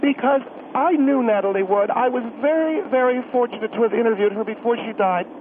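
A woman's voice: on the high side, fairly quick. A woman calling in to a radio show, indignant and firmly objecting. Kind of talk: call-in radio talk. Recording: tinny phone line with hiss.

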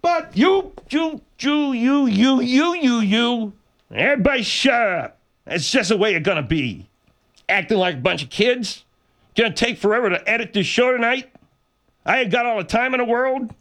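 Brief: high-voiced male radio host, lively pitch, exasperated and bossy, music behind. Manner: exasperated, bossy, quick to shout everyone down. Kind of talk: comedy radio show.

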